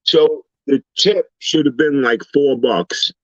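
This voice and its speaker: A man on a talk panel, telling everyday stories in a casual, animated way and acting out the people he quotes. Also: fairly high pitch, slow, dry recording. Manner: animated storyteller, acts out quoted voices. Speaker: panel guest. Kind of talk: casual storytelling chat. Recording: slightly dull lo-fi sound.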